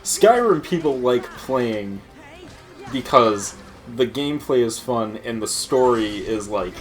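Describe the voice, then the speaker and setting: Slow-paced but lively in intonation, this mid-range male voice belongs to a let's play host doing casual gaming commentary over faint music. He launches into profane rants, laughs a lot and mimics quoted voices mockingly.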